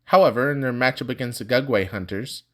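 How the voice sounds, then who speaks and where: A man voicing an easygoing young male student who stays calm. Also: mid-range voice, quick pace, pitched above the performer's own voice, lightly acted.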